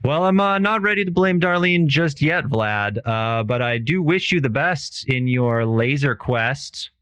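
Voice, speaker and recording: A man's voice: mid-range voice, lively intonation, measured pace, a bit bright, clear, resonant tone, no room sound. A man playing a weary late-night radio DJ taking calls at the end of the world, drawling and dry, with many hesitant uhs, in an improvised comedy. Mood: wry.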